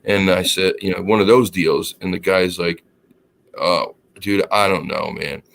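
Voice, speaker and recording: A man chatting casually on a podcast, telling an anecdote and acting out the dialogue with lively quoted voices. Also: low voice, measured pace, gravelly, a little hiss or hum. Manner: animated, acts out quoted dialogue; laughs while telling the story. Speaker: podcast co-host. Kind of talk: casual storytelling chat.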